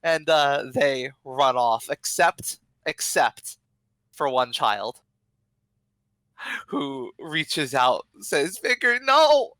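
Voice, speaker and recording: Bright, dry-sounding game master. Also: medium pitch, extremely slow, pauses often, no room sound. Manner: lively narrating, reacts with exclamations. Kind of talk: narrating a tabletop game.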